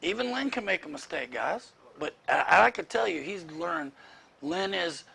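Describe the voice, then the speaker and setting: A man's voice: high voice, big pitch swings, normal speed, gravelly, bright, forceful tone, husky. A man leading a workplace leadership training session, talking bluntly and firing rhetorical questions at the group.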